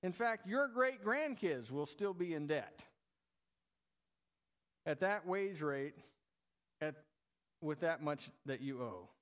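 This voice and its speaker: A pastor preaching to his congregation in a loose, conversational way, tossing in jokes as he goes. His voice sits a little high for a man. The sound carries a long reverb from a church sanctuary. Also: very animated, takes it slowly, long pauses, a bit bright. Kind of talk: sermon.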